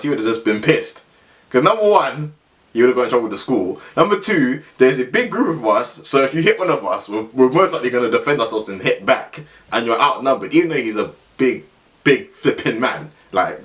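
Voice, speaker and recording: A man's voice: medium pitch, a bit bright. A young man, telling a funny story in a casual vlog, slangy and rambling, often laughing as he talks. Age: young adult. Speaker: vlogger.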